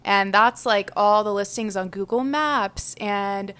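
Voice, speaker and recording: A young woman talking casually on a podcast in a mid-range voice. She teases with dry, deadpan quips and answers in quick, easy bursts. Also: medium pitch, clear, resonant tone. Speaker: podcast co-host. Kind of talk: casual chat.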